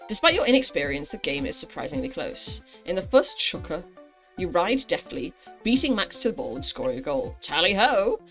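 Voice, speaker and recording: A woman's voice: lowish voice, a bit bright. A woman hosting a gaming channel, reading a story game aloud with chatty, giggly asides.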